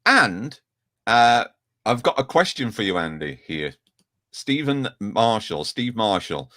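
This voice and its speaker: A man's voice: on the low side, slow, no room sound, clean studio sound. A man hosting a chat show on a video call, reading out viewer messages and teasing his guests. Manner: lively, reads out viewer messages. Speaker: host.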